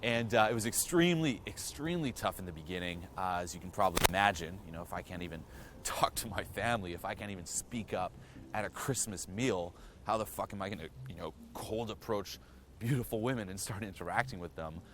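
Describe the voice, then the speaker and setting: Deep-voiced man, frank and profane. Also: fairly quick, fairly bright tone, a little hiss or hum. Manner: frank and profane, heavy on "you know" fillers; earnest, direct address to viewer. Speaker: self-improvement vlogger. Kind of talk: candid personal storytelling to camera.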